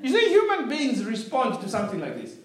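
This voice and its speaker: Casting: male preacher, very high voice, sermon storytelling, chuckling. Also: brisk. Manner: animated storytelling with frequent chuckles and restarts.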